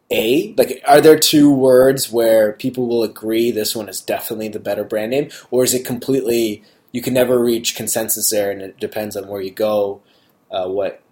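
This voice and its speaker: Low-voiced man asking questions. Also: a little mellow. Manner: inquisitive, many fillers and restarts. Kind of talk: casual conversation.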